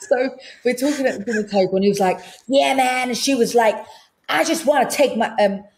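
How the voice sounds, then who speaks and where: A British woman, a guest singer, telling a lively anecdote on a podcast and acting out the people in it. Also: medium pitch. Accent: British English. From Britain. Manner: lively anecdote-telling, acts out quoted voices. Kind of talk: casual podcast storytelling.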